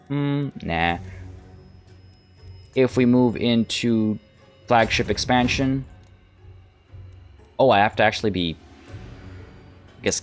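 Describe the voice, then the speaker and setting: A man narrating his own strategy game, thinking aloud in a hesitant, musing way. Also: fairly low pitch. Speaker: let's play host. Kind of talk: gameplay commentary.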